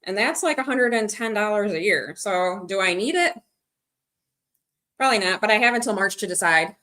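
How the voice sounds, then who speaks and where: A woman vlogger chats casually during a live stream, wandering between stories and comment replies. Her mid-range voice is expressive and fairly bright, at a normal speed.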